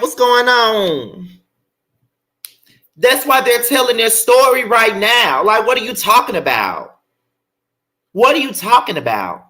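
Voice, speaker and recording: A man's voice: high-pitched, sharp tone. A young man hosting a livestream, ranting bluntly and profanely, repeating his points for emphasis. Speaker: show host.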